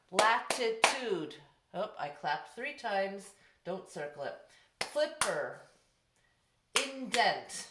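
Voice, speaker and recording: A middle-aged woman teacher giving a patient step-by-step grammar lesson to young students over distance learning. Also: fairly low pitch. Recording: echoey room.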